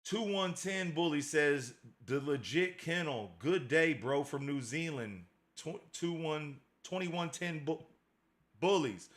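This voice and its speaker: Guy chatting on a dog breeding livestream, kinda high voice, reads comments out loud, lots of slang. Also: lively intonation, slow. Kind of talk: casual livestream chat.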